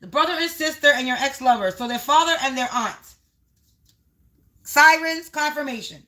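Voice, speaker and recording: Female tarot reader on a livestream; high-pitched, bright tone, repetitive rhyming delivery aimed at the collective. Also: moderate pace. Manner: repetitive, half-rhyming, talks to the viewers as the collective.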